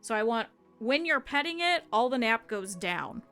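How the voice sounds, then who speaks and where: Bright-voiced woman walking chat through sewing. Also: fairly high pitch, very animated, moderate pace, clear, resonant tone, soft background music. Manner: chatty, explains as she works, talks to chat. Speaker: streamer teaching plush sewing. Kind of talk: casual step-by-step craft tutorial.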